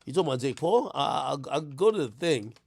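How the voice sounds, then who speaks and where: A young man riffs on his livestream in casual, slangy banter, his voice gravelly with a lot of fry. His pitch swings widely as he talks, climbing high whenever he gets riled up. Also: fast. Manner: loud animated slangy banter, jumps in pitch when riled up. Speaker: livestream host reacting to chat.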